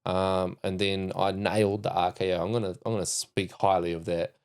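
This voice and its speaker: A man with a New Zealand accent hosting a podcast, telling a story in lively casual chat and acting out quotes. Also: deep voice, moderate pace, clear, resonant tone. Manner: animated storyteller, laughs and acts out quotes. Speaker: podcast host.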